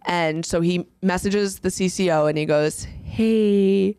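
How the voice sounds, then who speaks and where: A woman's voice: lowish voice, big pitch swings, slow pace, gravelly, a little mellow, clear, resonant tone, dry recording. A woman co-hosting a casual podcast, telling a story in a chatty way, laughing often and acting out quotes. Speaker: podcast co-host.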